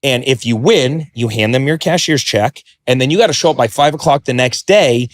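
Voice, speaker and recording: A man telling a story as a podcast guest, animated, acting out quotes and swearing freely. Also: medium pitch, fairly quick, dry recording, studio quality. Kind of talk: podcast interview.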